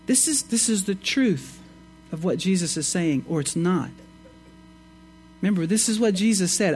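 A man preaching a sermon, reading scripture and explaining it with emphatic rises and quiet asides. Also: normal speed, pauses often, faint music behind. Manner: expressive, swings between emphatic rises and low asides. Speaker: pastor.

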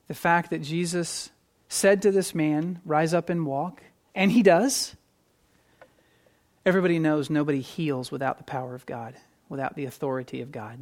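Preacher mid-sermon; emphatic, shifts between punchy stresses and hushed asides, restarts phrases with repeated words. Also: medium pitch. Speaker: pastor.

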